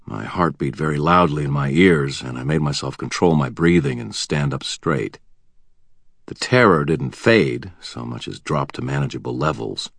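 A man with a very deep voice narrates a first-person fantasy audiobook. His delivery is wry and vivid, with tense pacing, and the close studio sound is completely dry. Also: lively intonation, moderate pace, gravelly, dry recording.

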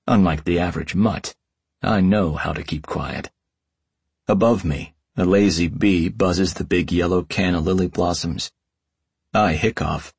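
A man's voice: low voice, a little slow, vocal fry, a little mellow, slightly rough, no room sound. A man reading an audiobook in the first person as a tomcat detective, with a wry, hardboiled delivery. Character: wisecracking tomcat detective narrating. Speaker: audiobook narrator.

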